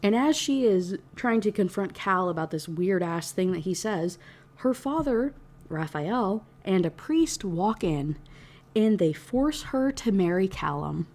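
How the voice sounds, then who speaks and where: A woman's voice: mid-range voice, lively intonation, measured pace, darkish tone. Exasperated young woman ranting about a book. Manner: exasperated, profane, heavy use of "like". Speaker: book reviewer. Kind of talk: casual book review rant.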